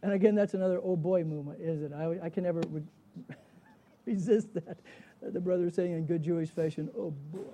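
A man delivering a sermon in a high yet deeply mellow, dark voice. He teaches in an animated, storytelling way, tossing rhetorical questions to his listeners and chuckling now and then. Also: brisk, a little hiss or hum. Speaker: Bible teacher.

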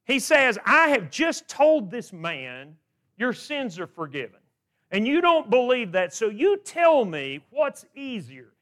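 A man's voice: very high voice, wildly swooping pitch, slow pace, a bit bright. A middle-aged man preaching a sermon, asking questions of his listeners and often repeating words as he restarts.

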